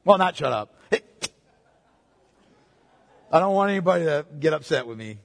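A middle-aged man preaching a sermon, conversational and animated, with joking asides. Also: fairly high pitch, moderate pace, gravelly. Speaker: pastor. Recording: reverberant hall.

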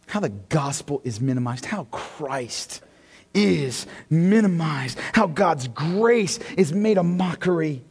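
A man preaching a sermon in a church, impassioned and swinging between loud and hushed delivery. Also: on the high side, expressive, slow pace, breathy edge. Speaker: pastor. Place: church sanctuary. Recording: long hall reverb.

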